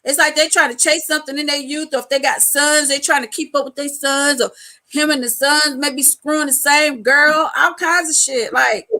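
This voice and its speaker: High bright-voiced woman telling stories. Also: normal speed, low-quality recording. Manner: animated storyteller, laughs often, speaks in a loose colloquial way. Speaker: host. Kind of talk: casual live chat.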